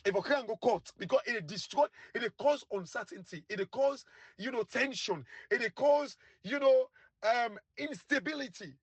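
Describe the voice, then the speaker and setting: A man's voice: very high-pitched, lively intonation, moderate pace, slightly rough, dry recording. A man with a Sierra Leonean Krio accent giving heated, scornful political commentary that repeats itself. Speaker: online commentator.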